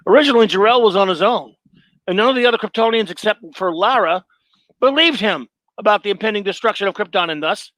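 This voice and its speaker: Brief: male stream host, high voice, rambling sarcastic commentary. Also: lively intonation, quick pace, a bit bright, no room sound, low-quality recording. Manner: sarcastic, rambling, self-mocking. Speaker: host reading his own film review. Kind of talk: live stream commentary reading.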